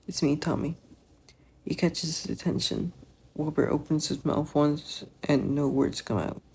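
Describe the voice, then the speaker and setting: A fan-fiction reader narrating a story aloud in a soft, subdued voice. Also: mid-range voice, steady tone, unhurried, creaky, slight background noise. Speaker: podfic reader.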